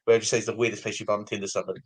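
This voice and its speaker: A man in his thirties with an English accent hosts a casual podcast interview, talking quickly and loosely with a lot of filler. His voice sits fairly low. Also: flat delivery, breathy edge, no echo. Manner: loose, full of fillers like "sort of".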